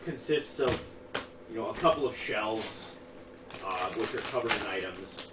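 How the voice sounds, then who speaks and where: Lively man narrating as game master. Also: lowish voice. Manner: descriptive, pausing with fillers. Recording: echoey room, distant mic, noisy.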